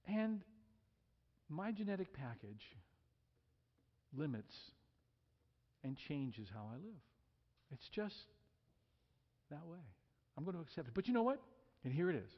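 A man in his sixties, working as a pastor, preaches an emphatic sermon in a church sanctuary and leads the congregation in call-and-response. His voice sits on the high side and is very animated, a little slow, with frequent pauses. The recording has a long reverb tail and its highs are cut off.

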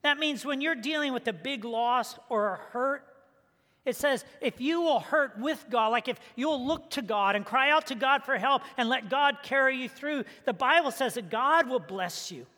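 A male pastor preaches in a high, bright, forceful voice that rings through a church sanctuary with a long reverb. His prayer is soft and hushed, and his storytelling is lively, with the characters acted out. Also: moderate pace. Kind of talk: sermon with prayer and joke.

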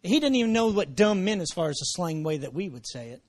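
This pastor's sermon is fast and expressive, full of repeated phrases and bursts of praise. He shifts from low murmuring up to loud, shouted emphasis.

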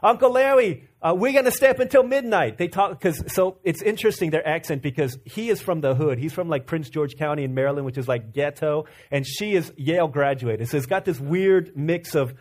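A preacher with a high voice for a man delivers a sermon like a friendly story. He talks straight to the room, trips over his words, and starts his sentences again. He grew up in Virginia. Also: brisk, few pauses, darkish tone. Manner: conversational storytelling with restarts, addresses the room as y'all.

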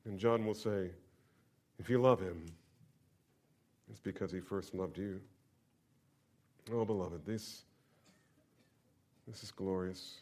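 A man preaching a sermon to his congregation, swinging between loud emphatic bursts and hushed near-whispers and leading them in call-and-response. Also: low voice, slow pace, pauses often. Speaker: pastor. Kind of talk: expository sermon.

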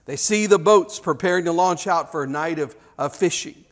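A man preaching a sermon, telling a dramatic story and acting out the shouts of children. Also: on the high side, normal speed.

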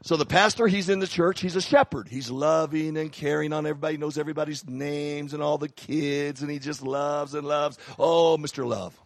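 A middle-aged man, a pastor, preaching a sermon with animated, humorous storytelling. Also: a little high, fairly quick, vocal fry, hardly any pauses, no room sound.

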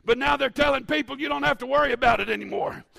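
A pastor in his fifties delivering a fervent sermon, moving between shouted declarations and quiet, joking asides. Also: extremely high pitch, fast, creaky, no echo. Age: 50s.

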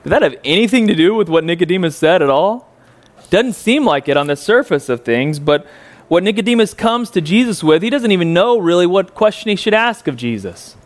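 A man's voice: sits high, expressive, a little fast. A male preacher giving a conversational sermon in a church, folksy and joking, with lots of ums and uhs.

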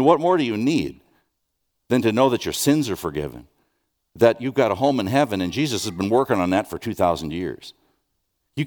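A man preaching a sermon, conversational with restarts and rhetorical questions, dropping soft and then rising with urgency. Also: on the low side. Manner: swings from soft, hushed lines to raised, urgent questions. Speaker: pastor.

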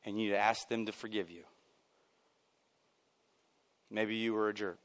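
A man preaching a sermon at a church service. His voice jumps high and loud on his points, then falls low and quiet. Between those points he drops in casual asides with a chuckle. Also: moderate pace. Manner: animated and emphatic, swinging from loud bursts to near-quiet. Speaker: pastor.

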